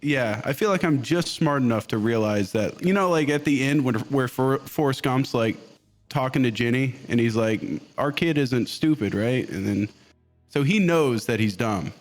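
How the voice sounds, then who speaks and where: A man's voice: medium pitch, lively intonation, moderate pace. Joking, laughing man. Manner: jokey, laughs often, self-mocking. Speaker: guest content creator. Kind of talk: casual joking interview chat.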